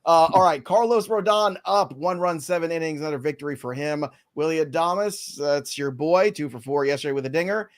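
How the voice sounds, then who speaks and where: A man hosting a casual sports podcast, playful and laughing often as he runs through a quick rundown. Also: on the high side. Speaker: podcast host.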